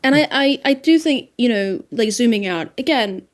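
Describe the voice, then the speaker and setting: A woman with an Australian accent, an audiobook narrator talking through her craft in a casual, animated podcast discussion. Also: on the high side, moderate pace. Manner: animated, reflective, frequent laughs and fillers.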